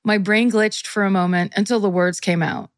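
A woman's voice: medium pitch, fairly even intonation, moderate pace, dry recording. A woman co-hosts a podcast, reading a listener's story aloud in a chatty, playful way. She breaks into laughter often. The mic is close and dry, with no room sound. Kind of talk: casual chat, reading a listener letter aloud.

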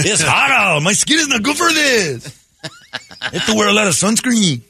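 A man voicing a brash young Swedish-born man raised by a Mexican family, in a loud, high, laughing voice. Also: wildly swooping pitch, slow, gravelly, full character voice.

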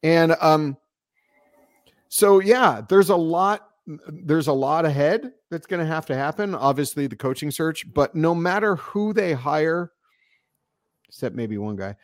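A man co-hosting a sports podcast, relaxed and reflective in casual chat. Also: fairly high pitch, unhurried, no room sound, studio quality. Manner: relaxed and reflective, chuckling often. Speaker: podcast co-host.

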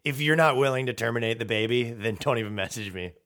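Podcast host, male, mid-pitched, rambling profane comic ranter. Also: fast, fairly bright tone. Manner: rambling, profane, sarcastic riffing. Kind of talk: comedic podcast rant.

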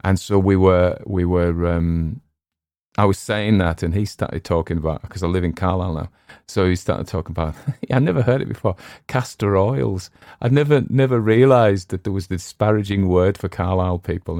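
A man's voice: sits low, darkish tone, no room sound, clean studio sound. A man with a West Cumbrian English accent, chatting casually and digressively as a podcast host and audiobook narrator. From West Cumbria, England. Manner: chatty, digressive, self-deprecating. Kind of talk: casual rambling chat.

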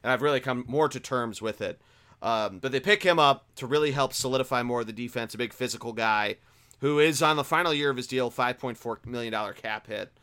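Bright-voiced man hosting a sports podcast. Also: medium pitch, brisk, smooth. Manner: conversational, with fillers and self-corrections. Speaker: podcast host. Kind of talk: casual sports podcast talk.

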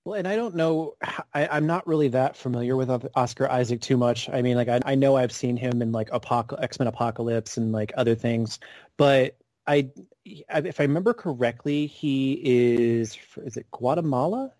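A man's voice: mid-range voice, normal speed, darkish tone, no echo. A man co-hosting a podcast in casual chat, rambling and often restarting his sentences. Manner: rambling, self-correcting with many restarts. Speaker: podcast co-host.

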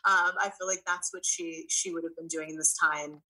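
A woman in her thirties speaking as a guest, her voice lowish but bright and clear. She talks earnestly and thoughtfully, with many pauses and soft fillers. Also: steady tone, poor audio. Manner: earnest, reflective, hesitant with fillers. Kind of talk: casual heartfelt conversation.

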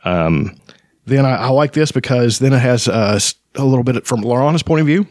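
A man casually talking through a fantasy novel, rambling and halting with many fillers, sometimes reading passages aloud. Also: medium pitch, expressive, a little mellow, a little hiss or hum. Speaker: podcast host discussing a fantasy novel. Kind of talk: casual book discussion with read-aloud passages.

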